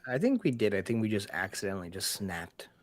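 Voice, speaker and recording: A man's voice: fairly low pitch, big pitch swings, fairly quick, dry recording. Upbeat male co-commentator, dry sound. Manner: upbeat, agreeable, explaining rules. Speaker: card game co-commentator. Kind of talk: casual match commentary.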